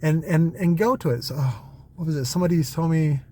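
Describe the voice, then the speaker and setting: A man with a slightly higher-than-usual voice chats casually while driving at night. He rambles, trips over his words and restarts sentences often. A faint hum of noise sits under his voice. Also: fairly quick, dark tone. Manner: rambling, hesitant, many fillers and restarts. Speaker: vlogger. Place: in a car on a night drive.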